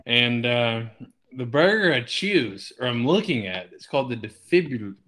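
A man co-hosting a casual beer podcast, excitable and jokey, often laughing and swearing as he tells stories. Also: medium pitch, unhurried. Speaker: podcast co-host. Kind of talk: casual chat over beers.

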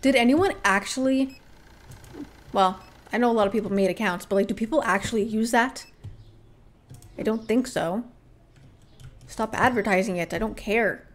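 Chatty woman streaming a game, slightly high voice. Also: normal speed, pauses often, a little hiss or hum. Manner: chatty, offhand, swears casually, reads out items to herself. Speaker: livestreamer. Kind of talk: casual live-stream chat while gaming.

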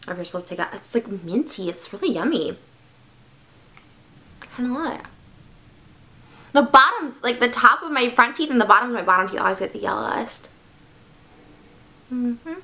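A young woman vlogging an unboxing in a bubbly, excitable, gushing way. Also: mid-range voice, fast talker, long pauses. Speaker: beauty vlogger. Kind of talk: casual unboxing vlog.

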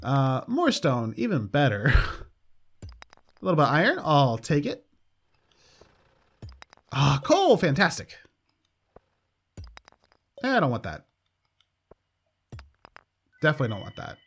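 A man's voice: a little high, huge pitch swings, takes it slowly, pauses often, slightly rough. A man casually commenting on his gameplay, upbeat and chatty with dry sarcastic asides. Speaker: let's play host.

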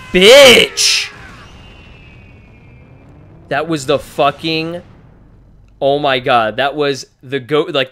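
A young man giving excited, profanity-laced commentary on his playthrough. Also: on the high side. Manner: hyped, swears a lot, frequent exclamations. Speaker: let's play gamer. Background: faint game music.

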